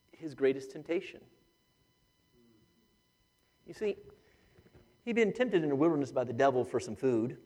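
A man delivers a sermon with an animated, joking manner and acts out voices as he tells the story. His voice sits a little high for a man. The sound carries the long reverb of a church hall. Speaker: pastor.

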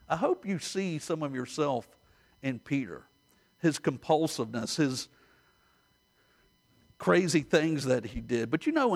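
Man, preacher, sermon, slightly high pitch, animated storytelling, addresses listeners.

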